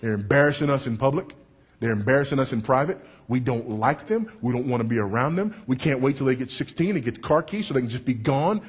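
A middle-aged man preaching a sermon with a big voice, emphatic and wry, dropping low and rising loud for effect. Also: lively intonation, fast, breathy edge. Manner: confessional and wry, working the crowd.

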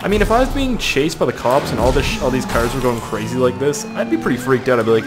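A young man giving excitable, heavily profane, jokey running commentary while playing a driving game. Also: mid-range voice, quick pace, hardly any pauses. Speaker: gaming video host. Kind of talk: let's-play commentary. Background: game music and car sounds.

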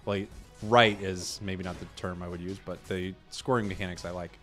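A man hosting a gaming video, chatting casually about his matches and bursting into loud excitement at big plays. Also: deep voice, normal speed, soft background music. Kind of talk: casual gameplay commentary.

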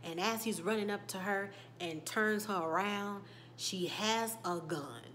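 A woman hosting a casual show recap, telling it in an animated way that swings from loud bursts to hushed whispers and reacts emotionally. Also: mid-range voice, a little slow, a little hiss or hum. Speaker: YouTube TV recap host.

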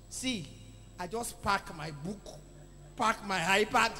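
A man preaching a sermon to a congregation, calling for responses and swinging between loud exclamations and quiet asides. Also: high voice, slow pace. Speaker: pastor. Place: church hall. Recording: echoey church hall with music.

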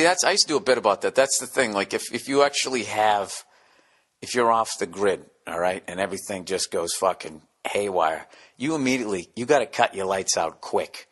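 A man hosting a solo podcast, rambling and ranting with lots of swearing and acting out little scenes. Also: mid-range voice. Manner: profane, ranting, acts out bits in character voices; drops to a hushed near-whisper in acted scenes. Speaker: podcast host.

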